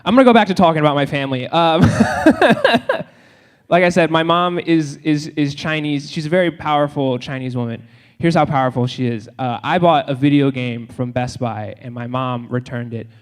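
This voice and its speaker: A man's voice: a little high, normal speed. A man doing a live stand-up comedy set, chatty and self-mocking, laughing at his own jokes on a handheld stage mic. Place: live comedy hall with audience.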